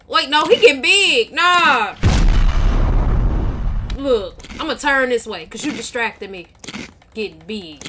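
A high-pitched woman gamer trash-talks and brags as she plays, her voice swinging widely up and down. She talks in an unhurried way. Keyboard clicks and typing stay clearly audible in the background. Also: wildly swooping pitch, noisy background. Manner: playful, boastful trash talk. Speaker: gaming channel co-host. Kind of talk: casual gameplay commentary.

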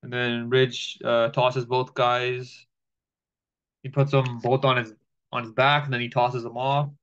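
A man recaps a wrestling episode in a relaxed, offhand way, dropping profanity and reciting lines as he goes. His voice is smooth and clear but stays fairly flat in pitch. The recording sounds a little muffled and lo-fi. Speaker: wrestling show reviewer. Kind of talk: casual show recap.

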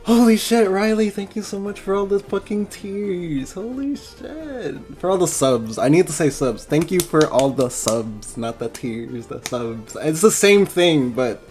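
A man's voice: sits high, expressive, a little slow, hardly any pauses, a little mellow, faint music behind. A male streamer on a live stream, overwhelmed and tearing up, thanking viewers with constant swearing and stammered thanks.

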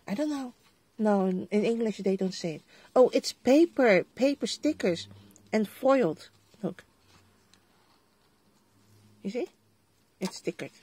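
Slow-talking Dutch woman unboxing a haul. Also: mid-range voice, dark tone, slightly rough. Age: middle-aged. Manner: chatty, exclaims over items, talks straight to viewers. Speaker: vlogger. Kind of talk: casual crafting haul unboxing.

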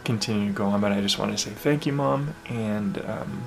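A man vlogging to camera in a heartfelt, casual way, halting and full of pauses and ums. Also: on the low side, gravelly, poor audio. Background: music playing.

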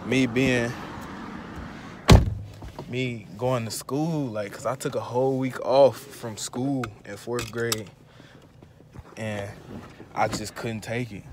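A man's voice: medium pitch, steady tone, slow, pauses often, background noise. A young man vlogging an emotional personal confession, slangy and rambling as he holds back tears. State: close to tears. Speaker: family vlogger.

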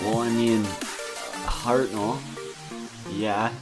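A young man commenting on a video game pack opening, excitable and swearing, bursting into loud high-pitched reactions. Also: slow pace. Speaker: gaming YouTuber. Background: electronic dubstep music.

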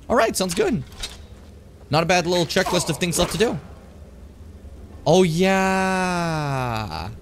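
A man casually commenting on his own gameplay as a streamer, swearing freely and jumping from chatter into sudden shouts. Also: mid-range voice, slight background noise. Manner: animated, swearing, jumps into shouting.

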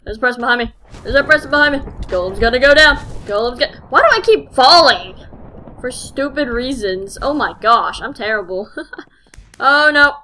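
A woman with a high, bright voice narrates a game live as a channel host. She talks in excitable bursts, exclaiming at each turn and poking fun at her own play. Her tone stays sharp and lively. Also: moderate pace, slight background noise. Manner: excitable, exclaiming and self-mocking. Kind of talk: live gameplay commentary.

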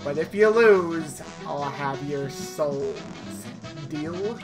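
The devil, a gamer doing a slow gloating villain. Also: mid-range voice, over music. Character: the devil, a booming sinister male casino owner.

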